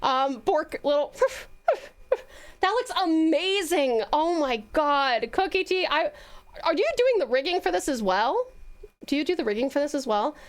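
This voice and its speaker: A woman's voice: high-pitched, expressive, unhurried. A woman with an Australian accent chatting casually on a live stream, bubbly and gushing with lots of fillers.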